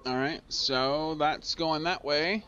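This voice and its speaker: A fairly high, bright, smooth voice with a forceful tone takes things slowly, though the highs are cut off in the recording. The speaker is a gaming channel host doing casual let's-play commentary on a transport tycoon game, scolding it aloud when it fails.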